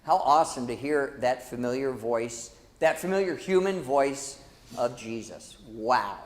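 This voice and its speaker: A man teaching a church Bible class in a lively, dramatic way, calling out to the class. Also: medium pitch, a little slow, big-room sound. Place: church hall.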